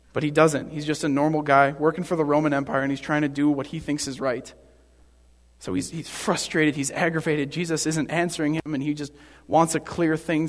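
A man's voice: a little high, in a large hall. A man preaching a sermon in an earnest, explanatory way.

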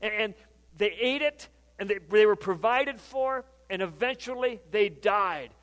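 A man's voice: sits high, measured pace, fairly bright tone. A man preaching a sermon in a conversational, emphatic way, reading scripture aloud and repeating phrases for emphasis. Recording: long reverb of a hall.

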